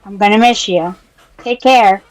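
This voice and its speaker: A woman taking part as a player in a tabletop role-playing game. She talks in a hesitant, rambling way with many fillers, at a mid pitch, and her voice is close and dry with no room echo. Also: a little slow. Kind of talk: tabletop role-play in character.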